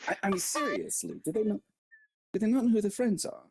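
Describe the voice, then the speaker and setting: Gravelly guy at the game table, husky, swings his pitch a lot. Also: wildly swooping pitch, brisk, a little mellow. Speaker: player. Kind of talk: casual tabletop game chat.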